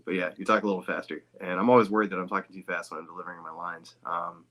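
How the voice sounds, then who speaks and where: A man, a guest voice actor, talking in a loose, rambling podcast chat with casual swearing and quick asides. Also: sits low, steady tone, dull audio.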